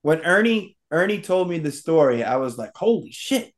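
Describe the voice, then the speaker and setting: A man with a high, lively voice drops wry jokes and pointed questions into a friends' chat. His pitch rises and falls a lot as he talks. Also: moderate pace. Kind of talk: casual chat among old friends.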